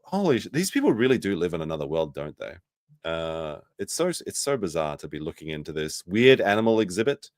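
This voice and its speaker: A man hosting a commentary stream, reacting sarcastically to a clip, jumping between loud outbursts and muttered asides. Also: sits low, very animated, brisk, no room sound, studio quality.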